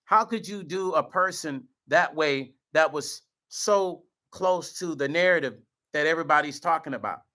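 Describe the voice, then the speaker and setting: A man's voice: on the high side, moderate pace, pushed and bright. Choked-up man talking to his viewers. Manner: earnest, repeats himself, addresses viewers as y'all. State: choked up, near tears. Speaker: vlog host. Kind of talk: emotional direct-to-camera talk.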